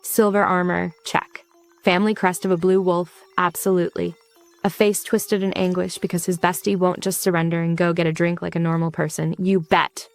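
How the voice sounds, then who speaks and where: A woman's voice: on the low side, flat delivery, moderate pace, vocal fry, no room sound, soft background music. A woman narrating a story recap from a script, in a campy, sarcastic and theatrical way.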